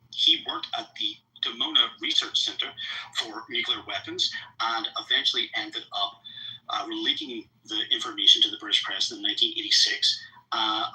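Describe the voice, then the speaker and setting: A man's voice: medium pitch, pushed and bright, rough recording. A man in a live online debate, arguing in a combative, sarcastic way.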